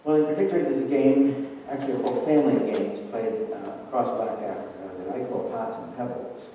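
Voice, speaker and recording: A man's voice: mid-range voice, steady tone, a little fast, lo-fi sound, slight background noise. An older man, a math professor, giving a wry, digressive public lecture. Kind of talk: public lecture with poetry reading. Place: lecture hall. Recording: distant, echoey lecture hall.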